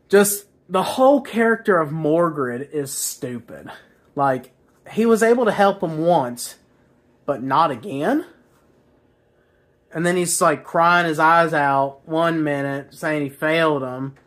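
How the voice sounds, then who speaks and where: Slow, sarcastic, crude book reviewer. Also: mid-range voice. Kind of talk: casual book review chat.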